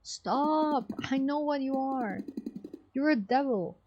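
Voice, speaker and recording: Woman putting on a high-pitched zealot guard, stiff and accusing, game dialogue read out. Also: slow, dull audio, a little hiss or hum. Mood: zealous, shouting. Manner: shouting accusations, self-righteous and stiff. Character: zealous young guard hunting heretics.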